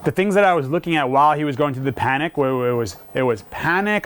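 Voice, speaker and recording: A male dog trainer giving a casual, hands-on lesson, explaining with quick asides and breaking off to praise the dog. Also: fairly high pitch, lively intonation, a bit bright. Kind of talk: casual instructional talk.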